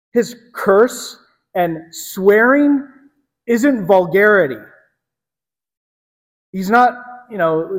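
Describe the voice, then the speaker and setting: Male preacher, dramatic and emphatic storyteller, slow deliberate delivery, long room reverb. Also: high-pitched. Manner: dramatic storytelling, emphatic, drops to hushed tones. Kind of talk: sermon.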